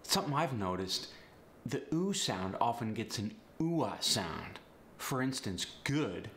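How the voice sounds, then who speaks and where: A man's voice: mid-range voice, sing-song, unhurried, a bit bright, slight background noise. A man coaching accents in an upbeat, teasing teaching manner. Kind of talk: instructional video. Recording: roomy echo.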